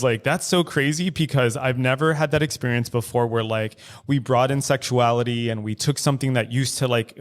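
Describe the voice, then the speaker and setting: A man co-hosting a podcast, telling a candid personal story in casual chat, acting out quoted dialogue with lots of "like" and frequent swearing. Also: medium pitch. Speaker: podcast co-host. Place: studio recording.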